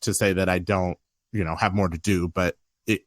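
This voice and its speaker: Candid soft-spoken man, low voice, dry sound. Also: fairly even intonation, normal speed, dry recording. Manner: candid, reflective, tearful at times. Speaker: podcast guest. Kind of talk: emotional personal conversation.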